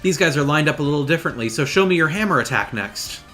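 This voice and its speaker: Picture an earnest young paper girl coaching the hero, her voice pitched up high and eager, as a man reads her lines aloud. The tone is bright and forceful, with faint music behind. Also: animated, fast. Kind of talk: reading game dialogue aloud.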